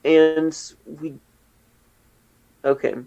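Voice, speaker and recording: Easygoing higher-voiced man at the game table. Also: level tone, very slow, clean tone, muffled recording. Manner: easygoing, hesitant with fillers. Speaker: card game player. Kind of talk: casual chat over a card game.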